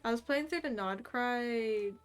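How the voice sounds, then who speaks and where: A woman's voice: fairly high pitch, a little slow, clean tone. A young woman streaming casually while she draws, rambling along with lots of "like" and little laughs. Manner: rambling and chatty with frequent "like" and laughs. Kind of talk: casual chat while drawing. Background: faint background music.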